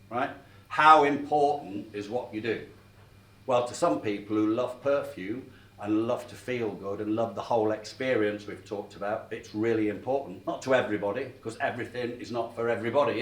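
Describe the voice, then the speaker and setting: A middle-aged man giving a sales training talk, telling stories and checking in with the room as he goes. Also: on the low side. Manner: chatty, checks in with the room often. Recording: echoey room, mic at a distance.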